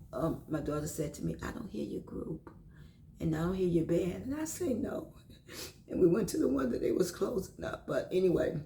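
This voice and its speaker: A woman shares a devotional story, her low voice carrying a gravelly edge. She talks with emotion, repeats phrases and sometimes sinks to a whisper. The sound is echoey, with faint ambient noise behind her. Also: darkish tone.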